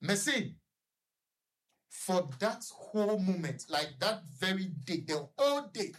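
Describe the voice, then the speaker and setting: Husky Ghanaian man telling a story. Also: high voice, very animated, a bit bright. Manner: halting, with stuttered repetitions. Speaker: guest on a radio discussion. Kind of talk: personal storytelling in conversation.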